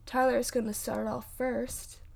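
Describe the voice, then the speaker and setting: A woman's voice: fairly high pitch, little pitch movement, measured pace, gravelly, a little mellow. A woman in her twenties hosting a casual podcast, chatting in a rambling way with many fillers and restarts. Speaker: podcast host and paranormal investigator. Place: home.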